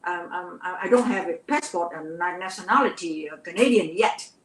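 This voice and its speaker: Speaking on the low side with a Vietnamese accent, an older actress from Vietnam shares her life story as a guest in an interview. Her delivery is sincere and halting with frequent repeated words, captured in an echoey room.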